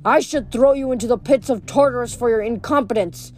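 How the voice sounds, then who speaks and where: A woman reading aloud, voicing a brutal male general who booms and growls his orders. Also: brisk, darkish tone, soft background music, lightly acted. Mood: commanding. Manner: booming, growling.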